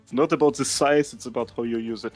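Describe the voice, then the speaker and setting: A man's voice: mid-range voice, fairly even intonation, fast talker, faint music behind. Dry-joking male player. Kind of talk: casual chat at a tabletop game.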